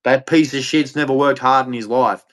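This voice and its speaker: A man's voice: medium pitch, steady tone, normal speed, a bit bright. A man with an Australian accent, ranting angrily and swearing often as he repeats himself. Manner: agitated, profane, repetitive. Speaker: streamer. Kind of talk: angry rant.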